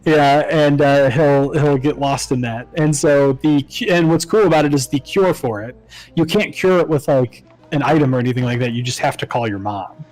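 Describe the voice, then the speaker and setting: A man's voice: mid-range voice, normal speed, a little mellow, rough recording. A man doing casual gameplay commentary, explaining things in a wry way with lots of fillers. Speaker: co-host playing a game.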